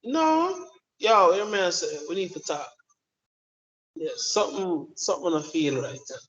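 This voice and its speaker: Jamaican guy preaching his opinions, kinda high voice, repeats himself a lot, muffled lo-fi sound. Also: normal speed, fairly bright tone. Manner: emphatic, preachy, repeats words. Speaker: commentator. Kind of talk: opinion monologue.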